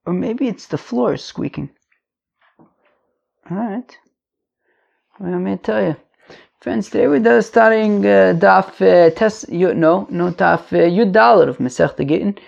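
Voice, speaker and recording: A man's voice: high-pitched, vocal fry, a little mellow, husky. A middle-aged man, teaching a casual daily Talmud class in a rambling, chatty way with joking asides. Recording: lo-fi home mic.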